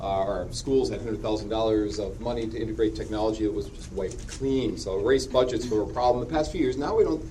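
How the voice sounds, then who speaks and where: A middle-aged man giving a conference keynote in a hall, animated and joking with quick asides. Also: medium pitch. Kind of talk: conference presentation. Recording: distant mic with steady background hiss.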